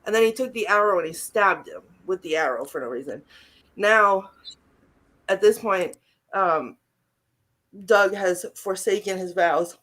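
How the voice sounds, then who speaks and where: A woman's voice: medium pitch, measured pace, long pauses, fairly bright tone. A young woman co-hosting a podcast, casually recapping a film and often dissolving into giggles. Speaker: podcast co-host. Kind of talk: casual movie-recap chat.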